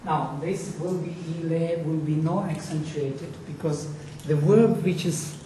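Slow, mellow-voiced male lecturer. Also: a little high, steady tone, slight background noise. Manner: explanatory, asks the class questions; chants Sanskrit words slowly. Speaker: teacher. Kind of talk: lecture on Sanskrit accent. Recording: echoey room, distant mic.

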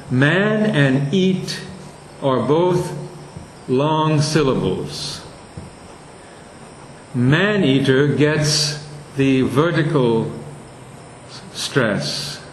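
Slow, deliberate male lecturer. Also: medium pitch, reverberant, slight background noise, rough recording. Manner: slow and deliberate, repeating and sounding out words. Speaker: teacher. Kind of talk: lecture on verse meter.

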